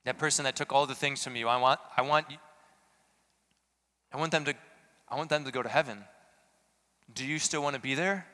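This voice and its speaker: A man's voice: mid-range voice, fairly quick, pauses often, sharp tone, in a large hall. A man preaching a sermon, earnest and questioning, building to emphatic peaks.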